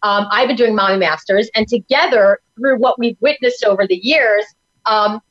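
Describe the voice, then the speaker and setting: Energetic New York woman, slightly muffled. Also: fairly high pitch, normal speed. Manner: energetic, upbeat, salesy. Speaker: parenting coach guest. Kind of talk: enthusiastic talk-show chat. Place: studio in Tampa.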